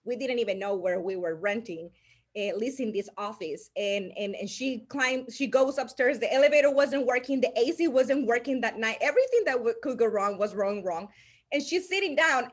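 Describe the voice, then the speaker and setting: A woman with a high-pitched, husky voice and a Spanish accent, Spanish being her first language, tells stories as a guest on a podcast. She's an animated storyteller who laughs often and restarts mid-sentence, in a casual storytelling style.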